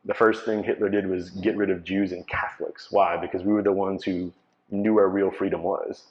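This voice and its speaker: A man, giving a personal testimony to a live audience in a conversational storytelling way and acting out the dialogue. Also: low-pitched. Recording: dull lo-fi recording.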